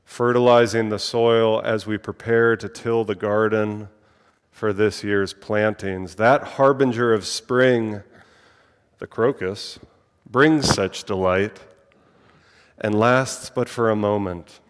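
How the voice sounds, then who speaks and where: A lower-voiced man from Virginia leads worship, his tone smooth and resonant as it carries through a church hall with a long, lingering reverb. He speaks unhurriedly, playful with words one moment and measured and prayerful the next. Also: fairly even intonation. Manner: playful with wordplay, then slow and solemn in prayer. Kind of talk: sermon and spoken prayer. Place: church sanctuary.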